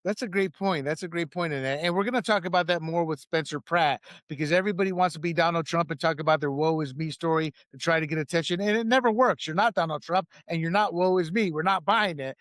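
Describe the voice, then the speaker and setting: A man's voice: fairly high pitch, quick pace, hardly any pauses, fairly bright tone, dry recording, clean studio sound. A man hosting a political talk show, giving opinionated, jokey commentary in a casual way. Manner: opinionated, jokey, laughs at own jokes.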